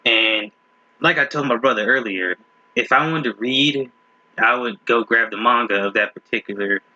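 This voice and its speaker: A man's voice: lowish voice, sharp tone, no echo. A man hosting a casual reaction video, rambling and restarting his sentences as he talks, in a slightly muffled home recording. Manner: rambling, restarts often, laughs at clips. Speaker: video host.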